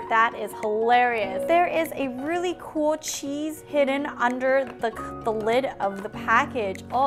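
Excitable young woman unboxing toys. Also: high-pitched. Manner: excitable, gasping, playful. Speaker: toy unboxing channel host. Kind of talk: toy unboxing narration.

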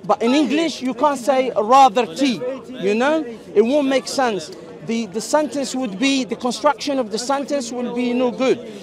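A high-pitched man, a street debater, argues his case in an open-air debate in a public park. He explains patiently, interrupts often and recites Arabic quickly, while a crowd murmurs faintly in the background.

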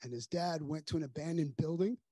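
Male pastor, earnest sermon storyteller with a higher, husky voice that hushes for grave moments. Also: brisk, dry recording. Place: church sanctuary.

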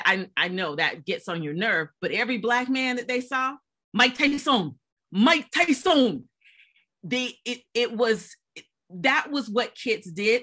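A woman speaking as a panelist and former volunteer, telling animated stories from her service over a video call. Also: mid-range voice. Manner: animated storytelling, laughs while telling. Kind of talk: panel discussion recollection.

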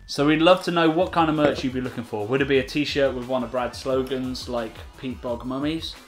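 A man in his thirties co-hosting a casual chat, talking quickly and enthusiastically. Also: medium pitch, fairly even intonation, faint music behind. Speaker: co-host of a beer channel.

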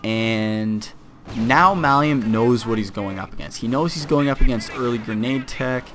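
A man's voice: mid-range voice, measured pace, fairly bright tone, slight background noise. A young man giving casual, self-deprecating commentary on a strategy game replay, with fillers and restarts.

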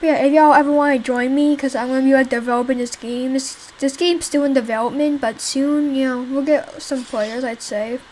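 A woman's voice: high-pitched, steady tone, a little fast, few pauses, darkish tone, a little hiss or hum, rough recording. A young woman casually commenting while she plays a zombie game she made herself, rambling and swearing at the enemies. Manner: rambling, swears, talks to viewers while playing. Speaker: game developer playing her own game.

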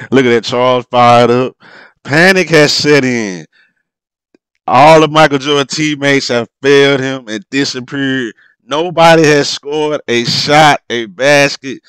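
A man's voice: mid-range voice, fairly bright tone, clear, resonant tone, no room sound. A man commenting on old basketball game footage, talking informally with frequent exclamations and laughs at mistakes. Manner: informal, drops verb endings. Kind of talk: excited play-by-play commentary over a replay.

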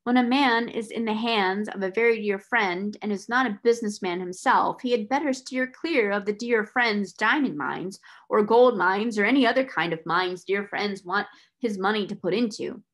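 A dry, sharp little solicitor, as a woman reading the story acts him out. He talks curtly and snappishly, with a critical edge. The voice stays in a middle register. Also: medium pitch, normal speed, lightly acted.

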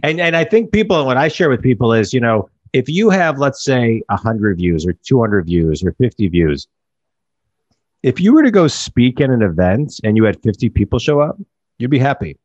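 A man's voice: mid-range voice, sing-song, moderate pace, darkish tone, no echo, muffled recording. A man talking as a business coach in a casual podcast conversation, rambling and restarting his phrases.

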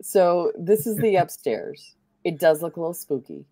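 Low-voiced, chatty woman streamer. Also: big pitch swings, moderate pace, mellow, dry recording. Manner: chatty, rambling storytelling with fillers. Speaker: streamer host. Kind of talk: casual chat while playing a game.

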